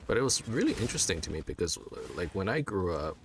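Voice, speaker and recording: A man's voice: low voice, very animated, fast talker, slight background noise. A man in his thirties from China, chatting casually and telling a rambling story with lots of fillers and restarts. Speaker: let's play gamer. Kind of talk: casual chat.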